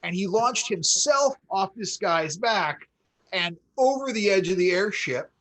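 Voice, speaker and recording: Animated man telling a game story. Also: high voice, measured pace, low-quality recording. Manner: animated storyteller, acts out quotes with rising excitement. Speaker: podcast co-host. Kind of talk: casual storytelling chat.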